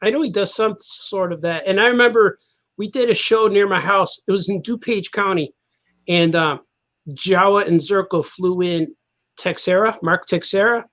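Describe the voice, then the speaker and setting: Laughing cartoonist telling a story. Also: male voice, sits high, normal speed, a bit bright. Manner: laughing storyteller who acts out the people in his tales. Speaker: cartoonist guest. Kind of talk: casual anecdote telling.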